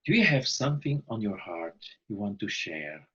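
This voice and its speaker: A man, a flute teacher, asking gentle questions with a husky voice in an interview conversation. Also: fairly low pitch, big pitch swings, moderate pace. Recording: dull lo-fi sound.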